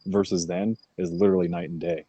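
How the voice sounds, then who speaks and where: A man's voice: low voice, little pitch movement, fairly quick, warm tone, husky, no echo, lo-fi sound. A young man hosting a casual podcast chat, laid-back, with lots of "like" and "man". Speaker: podcast host.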